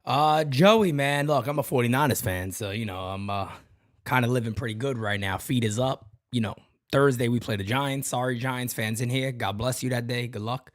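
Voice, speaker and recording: A man hosting a sports talk podcast, ranting in an animated, profane way that swings from loud outbursts to low asides. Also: normal speed, no echo, studio quality. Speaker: podcast host. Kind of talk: casual sports talk rant.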